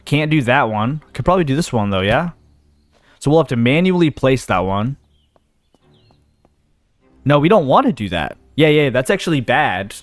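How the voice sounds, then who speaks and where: A man's voice: medium pitch, no echo. A young man giving casual let's-play commentary, thinking aloud and talking himself in and out of ideas as he goes. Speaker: gaming video host.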